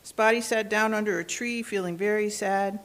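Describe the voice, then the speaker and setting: A woman reading a children's storybook aloud in a gentle, expressive way. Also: medium pitch, normal speed.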